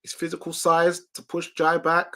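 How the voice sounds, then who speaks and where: A man with a slightly higher-pitched voice calls a boxing bout live as a watch-along host. He talks in quick, excitable play-by-play and breaks off to read viewer comments. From United Kingdom.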